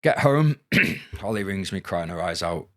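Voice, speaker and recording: A man in his thirties speaks in an extremely deep, low voice. He tells his story in a frank, casual way and swears freely. The recording is close and dry, with no room sound. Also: animated, measured pace, a bit bright, no room sound. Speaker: podcast guest, former footballer. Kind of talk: candid storytelling.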